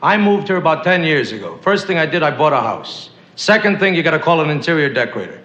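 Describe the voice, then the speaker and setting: A man from the US East doing a stand-up routine on a TV stage, delivering jokes deadpan with quick asides. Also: on the high side. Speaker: stand-up comedian. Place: TV studio stage. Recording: muffled old TV audio, echoey studio, loud audience. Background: laughing studio audience.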